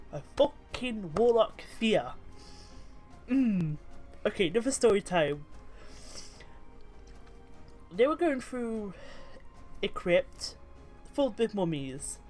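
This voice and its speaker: A woman's voice: mid-range voice, big pitch swings, drawn-out words, long pauses, a little mellow, soft background music. A British woman casually commenting on tabletop game memes, chatty and swearing freely. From Britain. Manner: chatty and swearing, trailing off mid-thought. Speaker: YouTuber reading memes.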